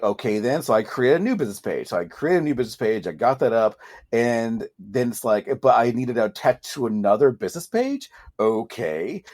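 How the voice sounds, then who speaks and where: A man's voice: medium pitch, a little mellow. A man co-hosting a podcast, ranting in casual chat with frequent swearing and restarts, his voice leaping up when frustrated. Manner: swears freely, self-interrupting. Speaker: podcast co-host.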